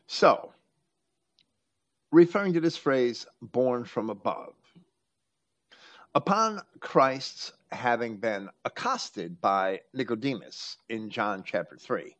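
A man hosting a talk, teaching from scripture with emphatic quoting. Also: mid-range voice. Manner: preachy, quotes scripture with emphasis. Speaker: host.

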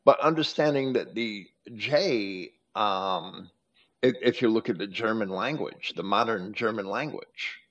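A man hosting a scripture study, explaining at length in a deliberate way with frequent hesitations and restarts. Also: fairly low pitch, fairly bright tone. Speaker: host. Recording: muffled lo-fi recording.

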